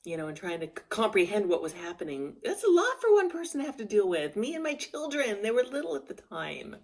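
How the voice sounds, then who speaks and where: A woman's voice: mid-range voice, big pitch swings, brisk. A middle-aged woman telling a personal story in a casual vlog, candid and emotional, often restarting and trailing off mid-phrase. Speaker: vlogger.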